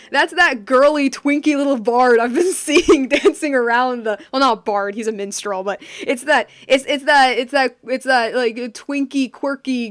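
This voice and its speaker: A woman's voice: on the high side, fairly bright tone. A young woman casually retelling a story while drawing, rambling with lots of fillers and giggles. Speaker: streamer drawing and chatting.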